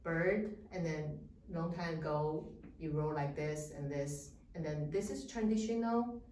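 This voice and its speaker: A woman's voice: sits low, a little slow, warm tone, recorded from a distance, a little hiss or hum. A woman whose first language is Mandarin, teaching words patiently in a casual interview, often affirming with yeah and mm-hmm. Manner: patient, frequent affirming yeahs and mm-hmms. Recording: echoey room, mic from afar.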